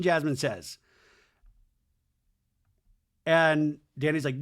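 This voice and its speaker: A man hosting a comedic podcast, recapping a reality show and acting out the cast's lines with big jumps in pitch and loudness. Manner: acts out quotes with big swings in pitch and loudness; excitable, quick asides and restarts. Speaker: podcast host.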